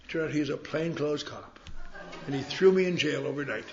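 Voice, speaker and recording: A man's voice: on the high side, brisk. A man telling his story with wry, self-mocking humor at a recovery meeting. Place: meeting hall. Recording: roomy, dull live recording.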